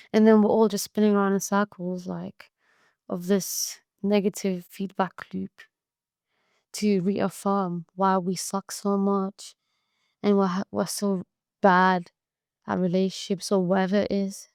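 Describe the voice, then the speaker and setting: A woman's voice: medium pitch, level tone, slow, pauses often, a little mellow, clear, resonant tone, no echo, clean studio sound. Blunt, swearing woman podcast host. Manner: blunt and profane; tough-love pep talk. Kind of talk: casual monologue.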